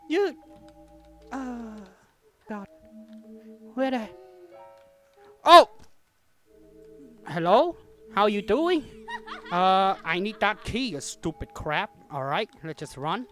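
A man's voice: high voice, sing-song, slow pace, long pauses, bright, forceful tone, faint music behind. A young man with playing a horror game on his own channel, talking to the characters and yelping when startled. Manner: jumpy, yelps and screams when startled, talks to the game character. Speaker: gaming YouTuber. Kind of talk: horror game let's play commentary.

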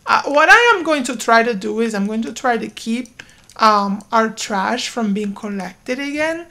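A woman giving casual let's-play commentary, excitable and talking to her game characters, with sudden loud outbursts. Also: on the high side, unhurried. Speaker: gaming YouTuber.

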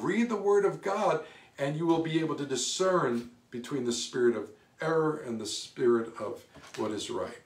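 A man's voice: on the high side, distant mic. Fervent man preaching in a roomy church. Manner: fervent call-and-response preaching. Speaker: pastor. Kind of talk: sermon. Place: church sanctuary.

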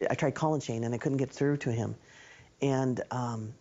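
A woman's voice: very deep voice, fairly even intonation, moderate pace, warm tone. A middle-aged woman, a mother, recalling events in a documentary interview with heartfelt emotion. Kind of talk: documentary testimony. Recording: slightly muffled film audio.

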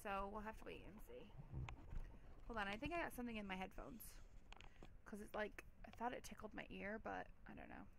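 A woman's voice: mid-range voice, sing-song, fairly quick, vocal fry, a bit bright, slight background noise. A woman hosting a let's play, giving chatty, giggly gameplay commentary with a lot of "like".

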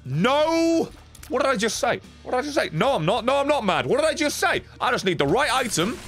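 Over background game music, this male streamer delivers casual, jokey commentary packed with profanity. He talks briskly in an extremely high pitch, sounding excitable throughout.

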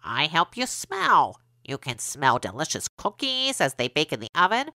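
A woman's voice: low-pitched, wildly swooping pitch, moderate pace, pushed and bright, no echo, heavily acted. A woman putting on a grumbling talking nose. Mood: eager. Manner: grunting, eager to be noticed.

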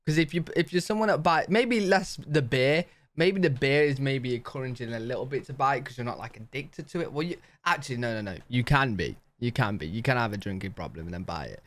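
A man's voice: mid-range voice, lively intonation, brisk, hardly any pauses, fairly bright tone, no echo. A British man hosting a reaction video, chatting casually and rambling as he reacts. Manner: chatty, rambling, says "bro" a lot. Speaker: reaction channel host.

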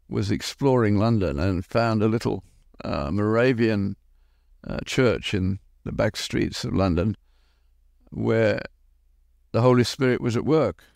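A man's voice: on the low side, creaky, a little mellow, dry recording, clean studio sound. An older man giving a reflective podcast talk, telling wry, anecdotal stories. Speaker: podcast speaker.

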